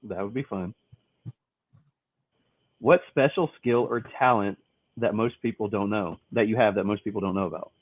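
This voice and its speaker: A man's voice: fairly low pitch, normal speed, long pauses, no echo. A man co-hosting a podcast, chatting casually and upbeat while firing off quiz questions. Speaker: podcast co-host. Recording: thin phone-like line, dry.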